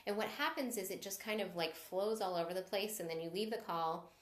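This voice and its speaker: Woman sales coach, live-stream teaching, upbeat and encouraging, mid-pitched voice, echoey room. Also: fairly quick. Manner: upbeat and encouraging, greets viewers mid-talk.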